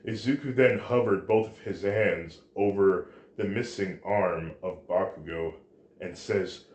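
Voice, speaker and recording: A man reading a fan story aloud, halting now and then with restarts. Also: low voice, a little mellow. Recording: roomy echo.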